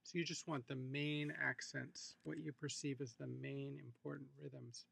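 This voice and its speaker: A man talking through a drum notation tutorial in a relaxed, explanatory way, thinking aloud as he works. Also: mid-range voice, measured pace, vocal fry, a little hiss or hum. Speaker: music instructor. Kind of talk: screencast tutorial walkthrough.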